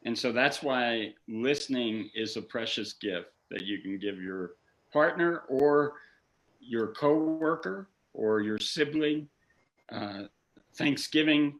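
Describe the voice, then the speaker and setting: A man's voice: mid-range voice, fairly bright tone, poor audio. A man who works as a counselor, teaching a workshop in a folksy, joking way and acting out quoted lines. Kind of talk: teaching seminar talk.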